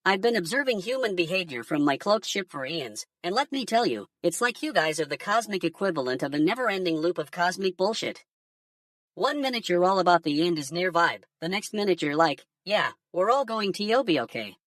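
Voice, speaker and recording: A woman's voice: on the low side, no echo, studio quality, recorded from a distance, close to an everyday voice. A woman voicing a laid-back, stoned alien conspiracy theorist who rambles and swears casually in a comedic monologue.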